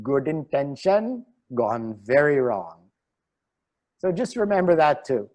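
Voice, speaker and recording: A middle-aged man, a relationship coach, giving a webinar talk over a video call and telling animated anecdotes. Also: fairly high pitch, slow pace. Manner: animated storyteller, chuckles at himself.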